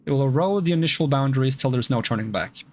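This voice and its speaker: A man's voice: mid-range voice, lively intonation, quick pace, a little hiss or hum, close to an everyday voice. A man voicing a solemn male monk who speaks in formal, ceremonial words.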